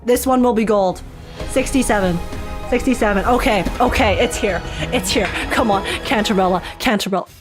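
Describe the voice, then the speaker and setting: A woman streaming live, reacting excitedly to game pulls and chatting with viewers. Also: medium pitch, normal speed, over music.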